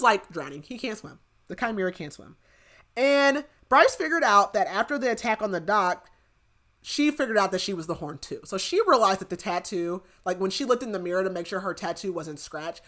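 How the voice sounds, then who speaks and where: A young woman talks through a book recap in a loose, rambling flow, and "like" turns up in nearly every phrase. Her voice is bright and forward. She sounds like a podcast co-host chatting casually with a friend. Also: mid-range voice. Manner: rambling, filler-heavy retelling with lots of "like".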